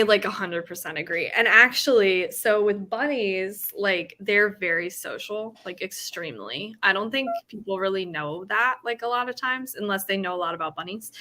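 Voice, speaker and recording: Young woman, bright tone, casual chat, lots of fillers. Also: medium pitch. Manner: chatty, frequent fillers, animated about her rabbit.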